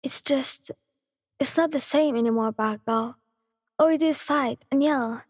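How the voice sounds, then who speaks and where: Woman playing a sad young girlfriend, high breathy voice, tearful, hesitant, ASMR story. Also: normal speed, no echo, clean studio sound, long reverb tail. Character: sad, tired young girlfriend ending things.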